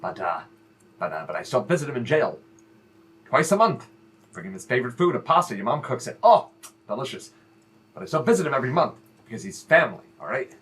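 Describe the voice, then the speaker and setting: A man's voice: high voice, very animated, fast talker, a bit bright, pitched above the performer's own voice. A man voicing a kindly, awkward stepfather who talks in earnest, fumbling, fatherly restarts.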